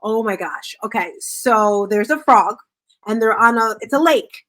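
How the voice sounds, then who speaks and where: A woman author talking about her book in an interview, telling stories in an animated, upbeat way. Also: fairly high pitch, unhurried. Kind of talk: casual interview talk.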